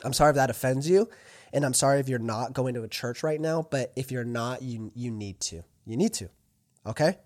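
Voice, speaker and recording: A man's voice: mid-range voice, a little fast, darkish tone. A man hosting a faith podcast, talking directly and earnestly to listeners and acting out both sides of imagined conversations. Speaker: podcast host. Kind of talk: preachy podcast monologue.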